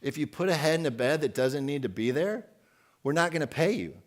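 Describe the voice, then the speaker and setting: A man's voice: fairly high pitch, animated, fairly quick. A man in his forties giving an outspoken, emphatic conference keynote and putting questions to the audience. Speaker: keynote speaker.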